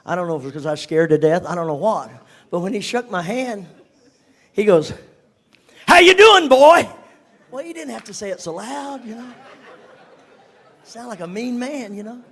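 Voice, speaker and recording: An older man telling a personal story to a congregation, animated and at times dropping to a whisper. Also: high-pitched, brisk, slightly rough. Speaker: speaker giving a testimony.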